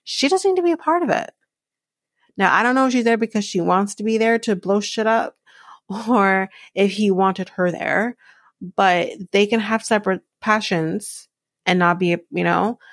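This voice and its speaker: A woman's voice: mid-range voice, no echo, clean studio sound. A woman hosting a podcast, recapping a reality show in a blunt, profane, exasperated rant. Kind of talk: casual solo recap.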